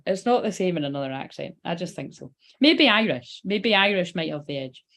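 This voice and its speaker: Woman, Scottish accent, gravelly fry, casual live tarot reading, chatty, swears freely. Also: on the low side, animated, quick pace, hardly any pauses, fairly bright tone. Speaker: psychic tarot reader.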